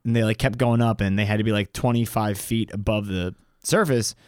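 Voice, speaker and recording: Guy cohosting a podcast, jumps up high when he mocks ppl, dry close sound. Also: brisk, clear, resonant tone, no echo. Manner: animated, mocking quotes in a raised voice. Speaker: podcast co-host. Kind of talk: casual chat.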